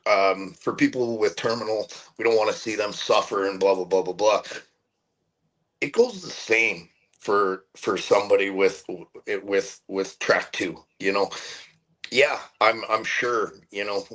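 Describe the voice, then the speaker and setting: A middle-aged man speaking candidly as an interview guest, earnest and heartfelt, often halting and repeating words as he searches for them. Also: fairly low pitch, a bit bright, low-quality recording.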